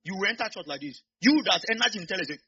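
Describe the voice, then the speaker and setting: A man with a Nigerian accent preaching a sermon, swinging from quiet asides to loud shouts. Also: high-pitched, animated, rapid-fire, breathy edge, muffled recording.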